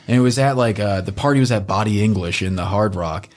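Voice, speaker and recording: A man telling a wild personal story on a podcast in casual, animated style, swearing freely and acting out what people said. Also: lowish voice, quick pace. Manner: animated, swears often, acts out quotes.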